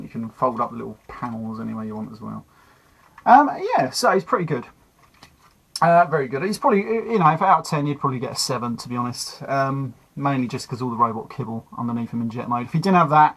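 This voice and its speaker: A man's voice: medium pitch, fairly bright tone, breathy edge, rough recording. A man casually reviewing a toy, chatting easily as he handles it. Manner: chatty and easygoing, narrating while fiddling with a toy.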